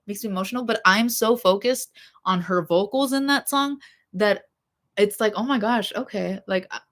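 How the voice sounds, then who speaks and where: A young woman talks through her favorite songs in a loose, rambling vlog chat, full of "um" and "like" and little laughs. Her voice is bright and forward, sitting at an ordinary pitch for a woman. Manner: rambling, many fillers, laughing asides. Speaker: vlogger. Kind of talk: casual chat about music.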